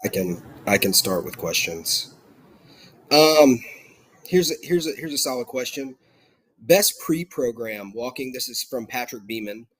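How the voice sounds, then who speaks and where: A man's voice: medium pitch, animated, moderate pace, fairly bright tone, breathy edge, no echo. A man with a South Georgia accent, a podcast guest talking eagerly in casual chat. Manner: eager, many fillers and restarts.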